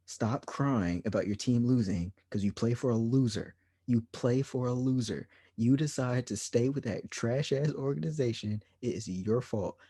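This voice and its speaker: A man's voice: mid-range voice, normal speed, dark tone, slightly rough, no echo. A man co-hosting a sports podcast, ranting in an exasperated, repetitive way. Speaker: podcast co-host. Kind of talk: heated sports podcast rant.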